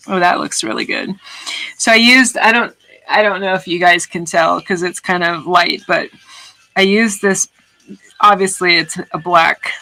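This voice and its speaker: An artist chats casually on a livestream while making her art, rambling and swearing now and then. Her mid-range voice is steady, pushed and bright, at a moderate pace, and the audio is poor.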